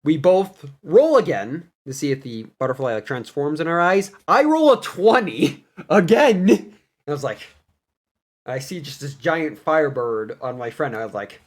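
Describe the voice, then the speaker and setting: A young man casually retelling a tabletop game session, animated and laughing as he goes. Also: a little high, moderate pace. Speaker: player recapping a campaign. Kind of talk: casual storytelling recap.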